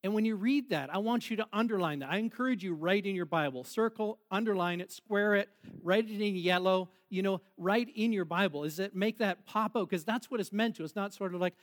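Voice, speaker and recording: Man, pastor, sermon, high voice, jokey, church. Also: a little fast. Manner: jokey, playful, laughs with the congregation.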